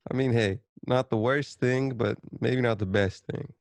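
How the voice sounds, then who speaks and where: A man's voice: medium pitch, moderate pace, vocal fry, dry recording. A young man co-hosting a podcast, joking and swearing in loose casual chat. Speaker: podcast co-host.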